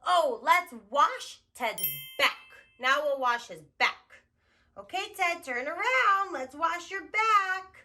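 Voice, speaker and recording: Slow, sing-song woman teaching toddlers. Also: very high-pitched, expressive, slight background noise. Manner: gentle and encouraging. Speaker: early childhood educator. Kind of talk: toddler teaching video narration.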